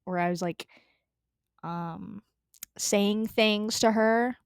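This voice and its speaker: A woman's voice: medium pitch, very slow, smooth, no room sound, clean studio sound. Rambling, swearing young woman. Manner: rambling, profane, many fillers and restarts. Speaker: storytelling vlogger. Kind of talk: casual storytime.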